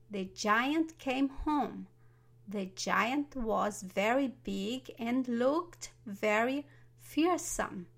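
A woman narrating a children's fairy tale in a slow, carefully paced storybook reading. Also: on the high side, vocal fry, a bit bright.

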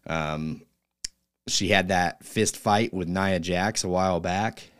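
A man's voice: sits low, takes it slowly, clear, resonant tone. A man hosting a podcast segment, chatting in a laid-back way with chuckling asides. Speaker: segment host. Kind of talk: casual chat.

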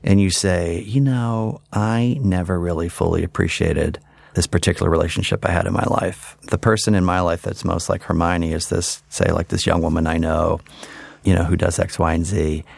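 A man's voice: low voice, steady tone, moderate pace, gravelly, dry recording. A priest, a man who is a podcast guest, explains his ideas thoughtfully with examples in casual conversation.

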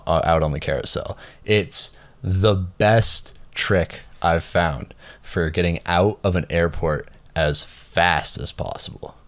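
A man telling a rambling story in casual chat, stammering and repeating words, his voice jumping up when he gets indignant. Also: sits low. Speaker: traveler telling an airport story.

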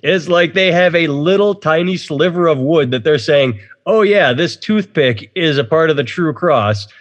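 A man's voice: fairly high pitch, expressive, normal speed, muffled recording. A man hosting a casual podcast, rambling opinionatedly and swearing freely. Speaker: podcast host. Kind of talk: casual chat.

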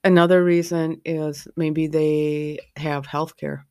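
A middle-aged woman speaking as a podcast host, blunt and candid about her own life. Her pitch stays flat and even across long stretches. The sound is close and dry, with no room around it. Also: slow pace, clear, resonant tone, dry recording. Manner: frank and candid. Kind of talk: candid personal podcast talk.

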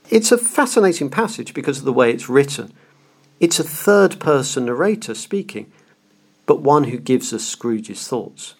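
A man's voice: mid-range voice, very animated, moderate pace. A man hosting a podcast, lecturing about a classic novel in an earnest, emphatic way. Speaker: podcast host.

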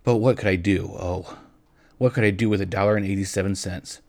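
A man's voice: low voice, steady tone, fairly quick, a little mellow. A man voicing a young, loving and anxious wife in a read-aloud story, in an earnest, pleading way. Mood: worried.

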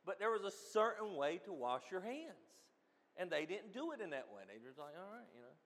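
A man preaching a sermon as a pastor, swinging from loud emphatic lines to quiet asides. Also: high voice, big pitch swings, brisk. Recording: long reverb of a hall.

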